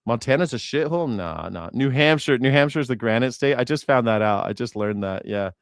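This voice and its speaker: A man's voice: medium pitch, lively intonation, a little fast, clean tone, no echo, studio quality. A man hosting a live news reaction show, talking casually in a rambling, profane way and correcting himself as he goes.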